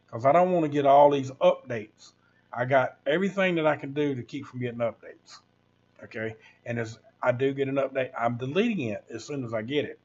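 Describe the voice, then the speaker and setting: A man's voice: mid-range voice, darkish tone, lo-fi sound. A man, ranting casually to viewers on his livestream in a rambling, preachy way. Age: 60s. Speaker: livestream host.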